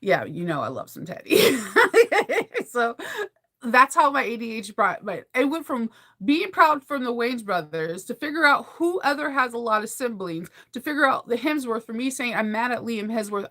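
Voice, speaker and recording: A woman in her thirties talks casually to her viewers, animated and gushing. Her voice sits a little high, and she laughs often as she goes. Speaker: vlogger. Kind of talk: casual chat to camera.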